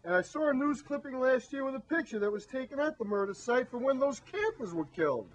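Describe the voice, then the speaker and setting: A man playing a blunt, exasperated crew member who scolds the others and tries to calm them, in an amateur comedy spoof. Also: extremely high pitch, fairly quick, highs cut off, heavily acted. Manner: scolding, then soothing.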